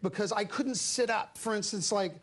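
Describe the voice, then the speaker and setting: A man appearing as a talk show guest, telling animated anecdotes, acting out voices and laughing often. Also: sits high, moderate pace, slightly rough.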